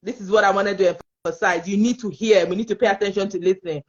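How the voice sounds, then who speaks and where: A woman with a Nigerian English accent, talking in a casual panel conversation as an expressive, laughing storyteller. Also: medium pitch, fast talker, dull audio. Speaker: panel guest.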